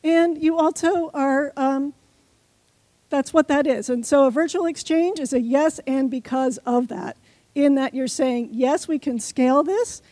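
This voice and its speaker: High-voiced woman giving a talk. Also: a little slow, dark tone, no room sound. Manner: chatty, coaxing, speaks straight to the audience. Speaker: conference speaker. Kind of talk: short timed conference talk leading an audience exercise. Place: conference stage before a live audience.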